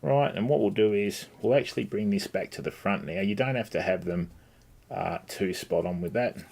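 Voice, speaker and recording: A middle-aged fly-tying livestream host speaks in a low, gravelly, darkish, slightly rough voice at normal speed. Chatty and casual, he greets viewers by name while he works and uses "okay" and "mate" frequently.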